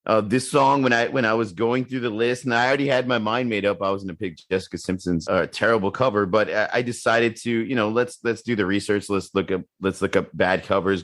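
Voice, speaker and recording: A man co-hosting a podcast in casual chat, animated, swearing freely and stumbling over repeated words. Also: fairly low pitch. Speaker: podcast co-host.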